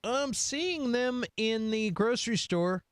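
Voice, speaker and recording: A man's voice: very high-pitched, animated, takes it slowly, smooth, dry recording, clean studio sound. A man co-hosting a podcast, casually and playfully asking the questions. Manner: playful, asks the quiz questions. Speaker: podcast co-host. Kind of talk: casual chat.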